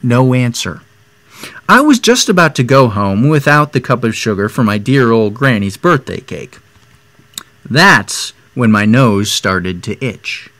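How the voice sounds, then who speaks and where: Man doing a sly storybook wolf, innocent-sounding, self-justifying, stammering, lively pitch. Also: unhurried, no echo. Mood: earnest. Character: sly male wolf telling his side, innocent-sounding.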